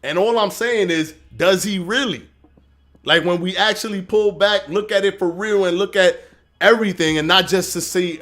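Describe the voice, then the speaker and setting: A man hosting a live stream, arguing his points and answering chat comments in a casual, animated way. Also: high voice, normal speed. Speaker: livestream host reading chat.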